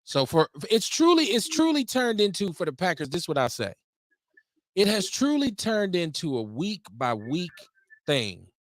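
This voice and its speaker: A man hosting a casual sports talk show, speaking in a measured, halting way. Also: high-pitched, dry recording. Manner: measured, halting, with fillers and restarts. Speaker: host.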